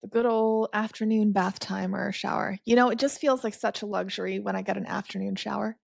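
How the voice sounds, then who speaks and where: A woman hosts a relaxed podcast conversation, asking curious, probing questions and laughing often. Her voice is heavy with vocal fry. The recording is close and dry. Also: mid-range voice, a little fast, no room sound. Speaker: podcast host. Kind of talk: casual podcast chat.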